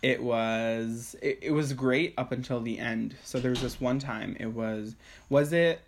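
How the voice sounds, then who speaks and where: A young man, co-hosting a casual chat podcast from his room at home, telling an animated story full of swearing and acted-out quotes. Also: mid-range voice, a little slow, slight background noise. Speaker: podcast co-host.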